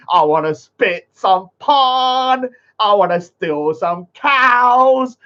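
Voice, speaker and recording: A man putting on the slow, drawn-out voice of a whiny man pleading for more. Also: high voice, fairly bright tone, exaggerated voice. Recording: muffled lo-fi audio.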